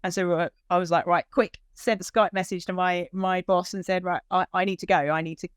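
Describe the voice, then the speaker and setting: A woman with a lowish, smooth voice speaks a little fast, recorded clean in a studio with no echo. She tells the emotional story of hunting for her lost dog, acting out the dialogue in an animated retelling, her voice lifting when she's moved.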